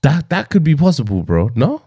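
A young man, chatting casually as a podcast co-host in a relaxed, easy-laughing way. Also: fairly high pitch, a little fast, husky, no echo, clean studio sound. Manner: laid-back, says bro a lot, laughs easily. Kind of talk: casual chat.

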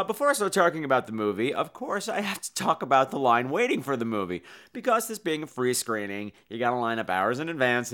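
A man hosting a horror podcast, telling stories in a campy, animated, joking way. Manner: animated, campy, bursts into shrill imitations. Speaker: podcast host. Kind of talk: casual comedic horror movie chat.

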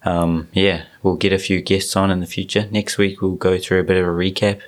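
A man hosting a podcast in casual chat, easygoing and relaxed with lots of fillers. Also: low voice, a little fast. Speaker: podcast host.

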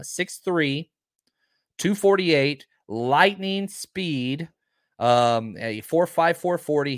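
A man talks fast and emphatically as he hosts a casual live show, answering his viewers as they come in. His voice sits in an ordinary middle pitch. The sound is dry and close to the mic, with no room echo. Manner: energetic, emphatic, reads viewer comments. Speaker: podcast host. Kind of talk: casual live-stream chat.

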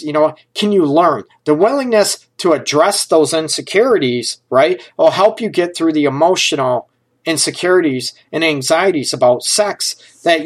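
A man's voice: a little high, animated, moderate pace. A man talking frankly and casually to his listeners as a relationship advice host, joking at times and often checking in with "okay?". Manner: conversational, keeps checking in with "okay?" and "you know".

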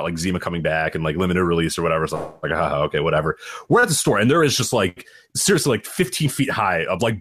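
A man's voice: lowish voice, fairly bright tone, husky. A man with a Chicago accent, co-hosting a podcast in casual, rambling chat full of restarts. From Chicago area. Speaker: podcast co-host.

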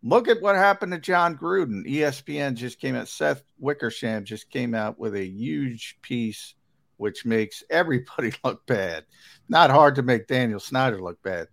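A man's voice: mid-range voice, expressive, moderate pace, creaky, fairly bright tone. A man co-hosting a casual sports talk show, rambling and emphatic with lots of fillers.

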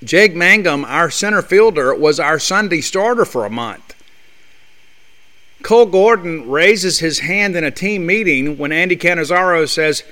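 Male sports radio host, opinionated ranter with a slightly raised pitch. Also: lively intonation, unhurried, bright, forceful tone. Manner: blunt, fired-up, rhetorical questions. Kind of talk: opinionated sports talk monologue.

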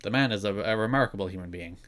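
A man's voice: fairly low pitch, quick pace, a bit bright. A man co-hosting a casual wrestling podcast, wry and opinionated. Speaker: podcast co-host.

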